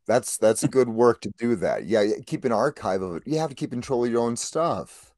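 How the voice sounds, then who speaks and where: A man's voice: medium pitch, expressive, normal speed, a little mellow, no echo. A man calling in to a talk show, asking curious, detailed questions. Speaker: caller. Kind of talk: casual interview questions.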